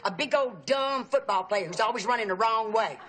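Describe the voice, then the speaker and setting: An actress playing a talkative, fussy aunt in a sitcom. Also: female voice, on the high side, fairly quick, noisy background, lightly acted. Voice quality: talkative, fussy about pronunciation. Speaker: Aunt Frida, chatty relative. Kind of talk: sitcom acting. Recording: TV sitcom audio with audience laughter.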